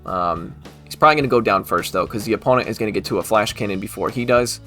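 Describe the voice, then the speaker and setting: A man hosting a gaming channel, casually commenting on online battles with chatty asides and quick self-corrections. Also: fairly low pitch, sharp tone, faint music behind.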